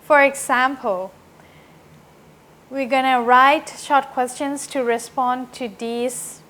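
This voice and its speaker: A woman teaching an English grammar lesson, explaining slowly and often checking with "right?". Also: sits high, steady tone, fairly bright tone.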